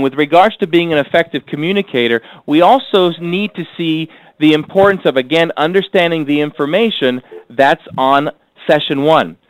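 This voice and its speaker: A man's fairly high voice leads a workbook lesson in a dry, close sound. He repeats key phrases slowly so listeners can fill in the blanks, and he keeps an earnest, motivational tone. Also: no echo, poor audio. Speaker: course instructor.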